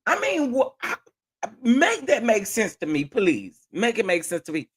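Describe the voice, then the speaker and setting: Animated, incredulous male commentator. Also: sits high, unhurried, slightly rough. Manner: incredulous, exclaiming, repeats himself for emphasis. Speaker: commentary vlogger. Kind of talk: reaction commentary on a played call.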